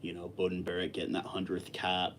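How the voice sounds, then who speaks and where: A man hosting a casual livestream, chatting with viewers in a relaxed, rambling way with many fillers and restarts. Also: low voice, a little fast, a little hiss or hum. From lives in Texas. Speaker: livestream host. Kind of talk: casual live chat with viewers.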